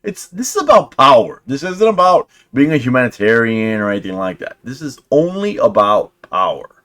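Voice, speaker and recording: Young male commentary host, casual, sarcastic, slangy, swinging pitch a lot. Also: moderate pace. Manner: animated, sarcastic, talks in restarts and slang like "dude" and "bro".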